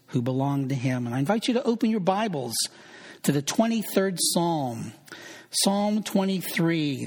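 A man preaching with earnest emphasis, leaning on single words one at a time. His voice sits a little high for a man. The sound carries a long hall reverb. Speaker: pastor. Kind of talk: sermon.

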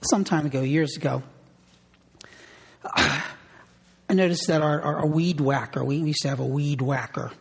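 A middle-aged male pastor gives a sermon with earnest, repetitive storytelling. His voice sits a little high and is gravelly and husky. The sound rings with a long hall reverb.

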